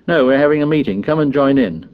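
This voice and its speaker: A man voicing an earnest young boy who calmly takes charge, speaking plainly and steadily. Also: medium pitch, fast, narrow, tinny audio, voice pushed up, close to an everyday voice. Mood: steady. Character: earnest fair-haired boy, calm young leader.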